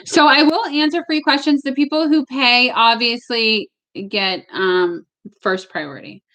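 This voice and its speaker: A woman's voice: fairly high pitch, measured pace, pushed and bright. A woman giving live-stream tarot readings at home, chatty and casual, sometimes emotional, with the odd swear word. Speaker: tarot reader. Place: home with barking dogs.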